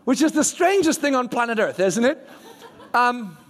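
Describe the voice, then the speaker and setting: A young man preaching a sermon, telling the story in a lively way and acting out the people in it. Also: very high voice, normal speed. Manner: animated storytelling, acting out characters.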